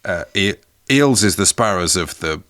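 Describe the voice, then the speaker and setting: A man's voice: deep voice, lively intonation, normal speed, a bit bright, dry recording. A man co-hosting a podcast, joining in comedic banter with dry, whimsical wordplay. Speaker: podcast co-host.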